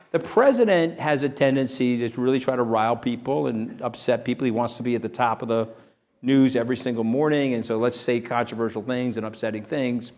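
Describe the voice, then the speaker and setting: A man, an interview guest telling animated stories in a punchy way, often tagging his lines with "okay?". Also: mid-range voice. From New York. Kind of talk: animated storytelling.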